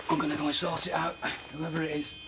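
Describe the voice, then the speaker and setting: An actor playing a neighbour in a television soap drama who urgently takes charge of rescuing a friend and coaxes him along. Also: male voice, a little high, little pitch movement, quick pace, gravelly, noisy background. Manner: urgent, commanding, coaxing.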